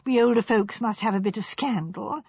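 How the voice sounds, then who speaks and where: A woman voicing a brisk, bossy middle-aged hostess who talks emphatically and impatiently. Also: medium pitch, gravelly, a little mellow, husky, dry recording. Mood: scolding. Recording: dull lo-fi recording.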